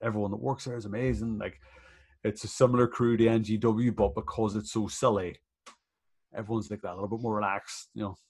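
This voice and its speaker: Laid-back man, low voice. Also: steady tone, a little fast, darkish tone, slightly rough. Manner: laid-back, swears freely, laughs often. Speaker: professional wrestler guest. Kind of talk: casual podcast chat.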